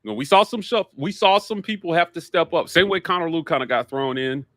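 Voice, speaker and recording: A man co-hosting a sports podcast, animated and excitable, jumping in often on a close mic. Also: fairly high pitch, brisk, no room sound. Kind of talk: casual sports talk.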